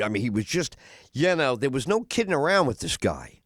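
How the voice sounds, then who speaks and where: A man's voice: mid-range voice, very animated, brisk, a bit bright, no room sound, clean studio sound. A middle-aged man hosting a radio talk show, rambling through a casual monologue and now and then acting out other people's voices.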